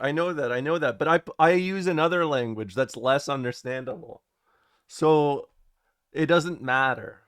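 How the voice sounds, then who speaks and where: A man's voice: on the high side, fairly bright tone. A young man, a streamer chatting casually to his viewers in a rambling, jokey way. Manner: rambling, jokey, talks to chat.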